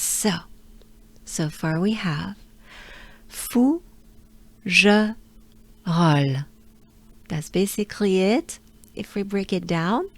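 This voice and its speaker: A French woman coaches pronunciation in her own accent, drawing out sounds at an unhurried pace. Her voice is a little tired, and it sits close and dry in the recording. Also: on the low side, no echo. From France. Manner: drills sounds slowly with repetition. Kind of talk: pronunciation lesson.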